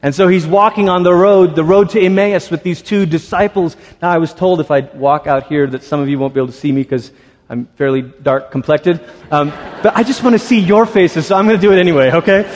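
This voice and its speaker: A man preaching a sermon in a church, talking in a conversational, animated storytelling way with quick asides. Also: a little high. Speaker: pastor. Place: church sanctuary. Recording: reverberant church hall.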